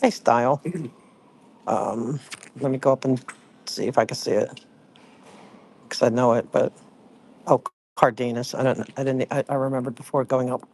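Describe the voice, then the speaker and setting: This is a livestream host in easy, casual chat. The talk rambles and keeps breaking off mid-thought to greet viewers by name. The voice sits at an ordinary middle pitch. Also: steady tone, moderate pace, vocal fry, pauses often, a little mellow.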